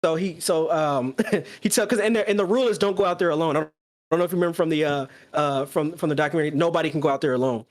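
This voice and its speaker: A podcast co-host talking casually, excitedly retelling a story and acting out the quoted lines. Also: male voice, a little high, rapid-fire. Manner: excited, acts out quoted dialogue.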